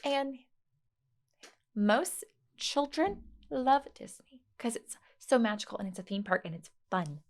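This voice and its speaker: A young woman chats as a podcast guest, her voice swinging widely up and down as she tells a funny family story. There is a slight gravelly edge to her tone, and she laughs often and plays out the voices of the people in her story. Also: a little high, measured pace. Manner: animated, laughing, acts out quoted voices. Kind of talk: casual storytelling chat.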